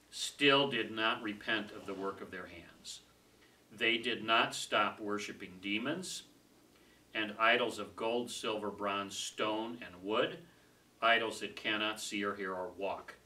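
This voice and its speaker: Bright-voiced man leading Bible study. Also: on the low side. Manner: conversational, laughs easily, trails off softly. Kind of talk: casual group teaching. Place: small room with a group. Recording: distant mic with faint room noise.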